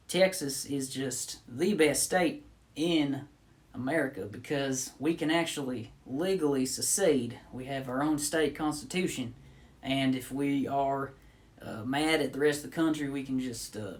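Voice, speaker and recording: A man voicing a friendly, boastful Texan man with folksy, drawn-out speech. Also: medium pitch, natural voice.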